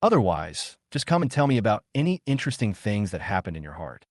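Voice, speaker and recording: A man's voice: lowish voice, sing-song, quick pace, dry recording, clean studio sound. A man voicing an indignant young male student who is easily riled and complains in a huffy way.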